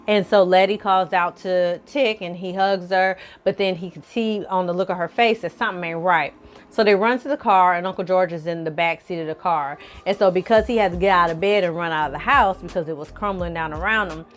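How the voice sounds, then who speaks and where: A woman vlogger recapping a TV episode in casual, lively chat, calling her viewers y'all and honey. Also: lowish voice. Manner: animated, colloquial, addresses viewers as y'all and honey. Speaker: film review vlogger.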